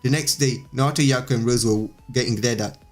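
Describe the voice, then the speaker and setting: Casual male storyteller over music. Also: mid-range voice. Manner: unpolished, quick reading with small slips. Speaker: channel host and narrator. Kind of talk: reading a fan story aloud.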